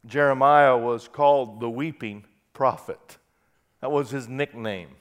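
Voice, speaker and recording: A man preaching a sermon who reads scripture aloud and swings from quiet, soft passages to loud, impassioned peaks. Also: medium pitch, measured pace, clear, resonant tone. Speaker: pastor.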